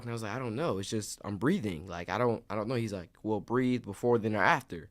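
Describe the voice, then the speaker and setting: Young male actor guest, lively storyteller who acts out quotes. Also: on the low side, quick pace. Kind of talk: casual interview storytelling.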